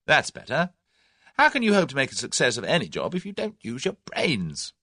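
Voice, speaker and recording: A man's voice: medium pitch, wildly swooping pitch, normal speed, pushed and bright, no room sound, clean studio sound, voice pushed up, full character voice. An actor reading the part of a brash young Englishman who taunts and bluffs his captors. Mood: cocky. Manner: cocky, taunting.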